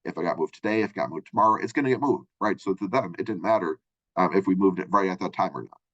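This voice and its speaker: A man's voice: low voice, fast talker. A man teaching as a college communication instructor in a recorded lecture. He talks conversationally and keeps checking in with "right?" and "you know.". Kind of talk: recorded textbook chapter lecture. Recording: dull lo-fi audio.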